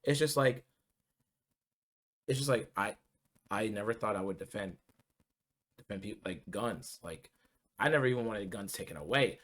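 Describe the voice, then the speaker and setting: A man's voice: lowish voice, expressive, normal speed, pauses often, fairly bright tone. A man ranting casually about politics in an agitated, profane way, full of ums and restarts. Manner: heated, profane, many fillers and restarts. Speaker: political commentary vlogger.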